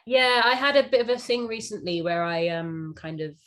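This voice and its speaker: A woman's voice: medium pitch, expressive, normal speed, a bit bright. A young woman from London with a London accent, an actress being interviewed in casual, upbeat chat, often saying "um" and laughing easily. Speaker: actress guest.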